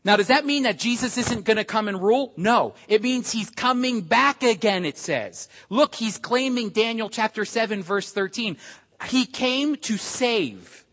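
A man preaching with a fairly high voice, pressing his points with rhetorical questions. His voice carries a long reverb, as if filling a large hall. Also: expressive, unhurried, a bit bright. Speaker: pastor. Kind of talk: sermon.

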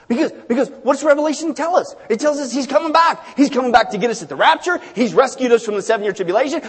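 High-voiced preacher in an echoing hall. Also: male voice, fast, hardly any pauses, breathy edge. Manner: animated preaching with sudden shouts and hushed asides. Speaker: pastor. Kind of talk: sermon. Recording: long reverb of a large hall.

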